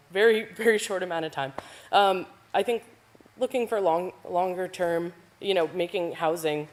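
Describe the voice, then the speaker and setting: A woman's voice: fairly low pitch, darkish tone. A woman giving a casual, hesitant public comment at a council meeting. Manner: casual, hesitant, many fillers. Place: council chamber.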